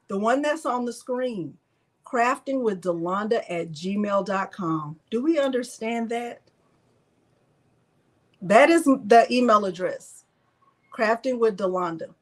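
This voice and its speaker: A middle-aged woman hosting a craft livestream, chatting casually and emphatically repeating herself to viewers. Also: fairly high pitch. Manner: repetitive, emphatic, talks to viewers.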